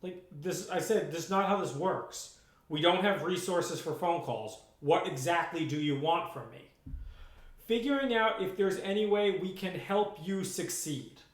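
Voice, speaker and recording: A man's voice: sits high, unhurried, roomy sound. A man in his thirties live-streaming his programming work, talking bluntly and with exasperation, often restarting his sentences. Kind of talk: casual live-stream talk.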